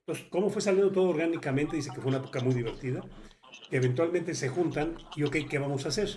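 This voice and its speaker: A man hosts an interview at breakneck speed, his voice sitting a little high. He rambles through the retelling with fillers, over a faint hiss in the background. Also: rapid-fire, darkish tone. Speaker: host.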